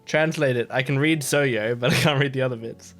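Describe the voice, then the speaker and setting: In an extremely low voice and at a fairly quick clip, a woman reacts to anime on her video, exclaiming, swearing, and chatting emotionally. Anime music is faintly audible in the background.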